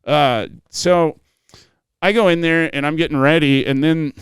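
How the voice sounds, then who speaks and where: A man's voice: a little high, measured pace, clear, resonant tone, no echo, studio quality. A man on a podcast telling a long story in casual, profane chat, acting out the people in it. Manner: animated, profane, acts out quoted voices. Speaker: podcast host.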